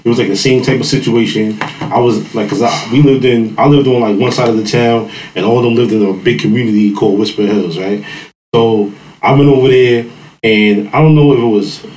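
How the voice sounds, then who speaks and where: A man's voice: mid-range voice, steady tone, a little fast, a little mellow. Man, casual storytelling, rambling with fillers, laughs along, echoey room. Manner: laughs through his story. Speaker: podcast panelist, father.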